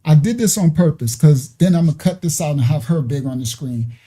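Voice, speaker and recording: A man with a fairly high but very dark, mellow voice talks casually to his audience. He chats and hesitates his way through a reaction video, addressing the viewers as "y'all.". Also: expressive, fairly quick, husky.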